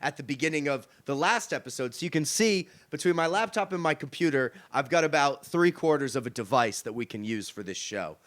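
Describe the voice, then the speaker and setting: Comedy podcast co-host: a sarcastic, animated man on a remote call, voice swinging widely, slightly high, dry room. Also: a little fast, few pauses, no echo. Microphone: remote call mic.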